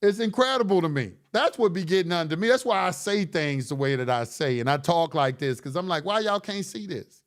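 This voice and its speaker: A man's voice: fairly high pitch, brisk, hardly any pauses. A middle-aged man hosting a late-night livestream, talking bluntly and profanely in a preachy way that rises to impassioned. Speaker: online course host.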